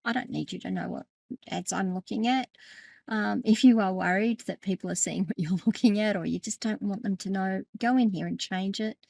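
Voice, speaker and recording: A chatty, middle-aged woman explains a screen-share tutorial. Her voice sits at an ordinary pitch but has a lot of gravelly fry. The recording is close and dry, with no room sound. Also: normal speed, a little mellow, no echo. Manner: chatty, laughs often, self-correcting. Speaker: tech educator and podcast host.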